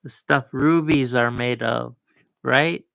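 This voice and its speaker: A man's voice: medium pitch, slow pace, vocal fry, a bit bright, no echo. A man hosting a live video stream, chatting casually in a rambling way, full of restarts and confident asides. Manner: rambling, with self-assured asides and many restarts.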